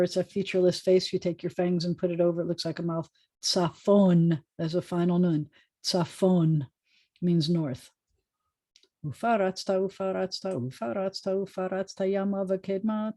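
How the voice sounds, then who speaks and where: A woman rabbi teaching an informal online Hebrew class over a video call, chatty and joking as she sounds out words slowly. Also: lowish voice, warm tone, dry recording.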